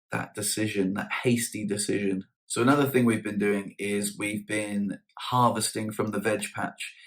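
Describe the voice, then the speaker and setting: Chatty man, lower voice. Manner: chatty, slangy storytelling with self-mocking humour. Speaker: vlogger. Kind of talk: casual chat to camera.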